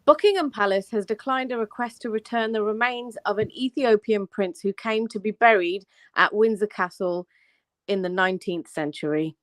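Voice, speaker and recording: A woman's voice: mid-range voice, normal speed, no room sound. A woman with a Birmingham accent on a casual live panel stream, reading a news article aloud with small slips and corrections.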